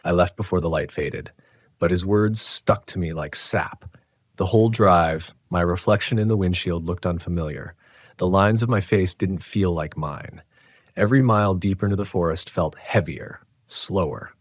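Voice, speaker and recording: A narrator with a very deep, low voice reads a scripted horror story in a measured, tense way. The recording is dry and close-miked, with no room sound and no echo.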